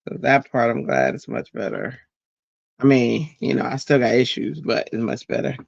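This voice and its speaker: A man's voice: medium pitch, big pitch swings, moderate pace, vocal fry, no room sound, highs cut off. A middle-aged man hosting a crafting livestream, chatting casually, telling stories with animation and laughing often.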